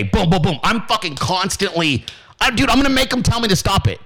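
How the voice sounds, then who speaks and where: A man's voice: high voice, sing-song, fairly quick, a bit bright, low-quality recording. Brash swearing male podcast host. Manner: brash, swearing constantly, acts out quoted voices. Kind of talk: profane motivational rant.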